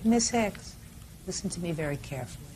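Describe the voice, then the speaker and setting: An older woman presiding as a TV courtroom judge, cross-examining in a sharp, rapid-fire way. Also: on the low side, animated, a little hiss or hum. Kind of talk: courtroom questioning.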